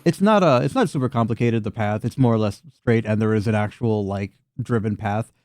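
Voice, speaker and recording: A man's voice: on the low side, brisk, darkish tone, no room sound, clean studio sound. A man narrating a tabletop game as game master, casual and laughing, with frequent swearing.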